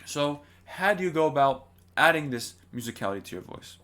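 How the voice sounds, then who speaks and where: A man's voice: on the high side, lively intonation, a little fast, a bit bright. A man giving a singing lesson, explaining in a plain way and often checking in with rhetorical questions. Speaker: singing teacher. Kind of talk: vocal lesson to camera.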